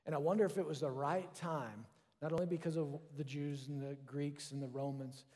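Male pastor, earnest sermon delivery, slightly high voice, reverberant church hall sound. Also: fairly even intonation, brisk. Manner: earnest, drops to a soft hush for quoted prayers.

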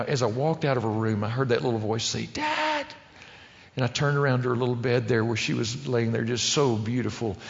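A middle-aged man preaching a sermon to men, telling family stories in a folksy, emotional way that swings between loud and hushed. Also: mid-range voice, vocal fry. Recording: dull sound with long hall reverb.

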